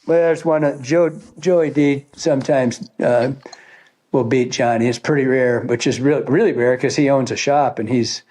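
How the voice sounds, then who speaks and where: A man's voice: medium pitch, fairly even intonation, normal speed, darkish tone. A man telling fishing guide stories in a casual, rambling way, swearing often and laughing as he goes. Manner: rambling, profane, laughing storyteller. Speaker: fly fishing guide, podcast guest. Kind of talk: casual storytelling.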